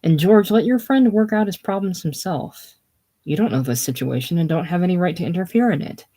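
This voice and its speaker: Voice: medium pitch, fairly quick, warm tone, close to an everyday voice. A reader doing a huffy young bride.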